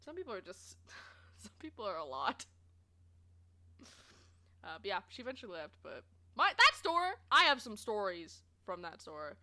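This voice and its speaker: Young woman, bright tone, lively pitch, casual storytelling, swears and laughs, streamer. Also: moderate pace, long pauses. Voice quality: expressive, swears, laughs often.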